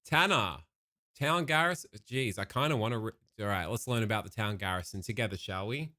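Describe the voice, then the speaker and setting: A man's voice: on the low side, fast, a bit bright. Joking Australian man reading game text. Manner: jokey and profane, breaking off reading for asides. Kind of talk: casual gameplay commentary, reading in-game text aloud.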